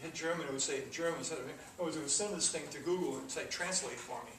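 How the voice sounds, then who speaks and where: A man's voice: a little high, very fast. Man lecturing in an echoey classroom. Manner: rambling, with fillers and restarts. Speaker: programming teacher. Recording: echoey room from far off, noisy.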